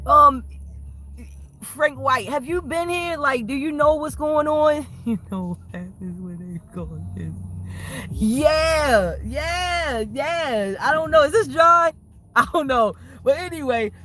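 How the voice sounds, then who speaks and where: A woman's voice: high-pitched, animated, takes it slowly, bright, forceful tone. Laughing woman chatting on a livestream. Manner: rambling, profane, laughs often. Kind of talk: casual livestream chat with viewers.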